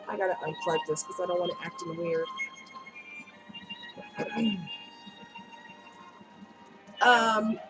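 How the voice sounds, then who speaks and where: Woman vlogger, slightly higher voice, a bit strained from a cold; chatty and open, talks straight to camera. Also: poor audio. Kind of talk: candid personal storytelling.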